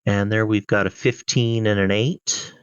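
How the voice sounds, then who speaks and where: A man narrates monster turns as dungeon master, unhurried and full of hesitations. His voice is bone-dry and a little dull, as on an online voice call. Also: fairly low pitch, fairly even intonation, smooth, dry recording. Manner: hesitant, many fillers. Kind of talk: narrating a tabletop game online.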